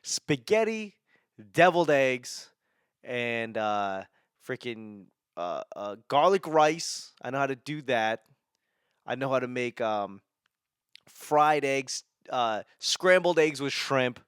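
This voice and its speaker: A man's voice: medium pitch, very animated, slow, a bit bright, clear, resonant tone, dry recording, studio quality. A young man from New England hosting a podcast, rambling casually with self-mocking humor, frequent swearing and laughter. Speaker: podcast host. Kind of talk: casual monologue.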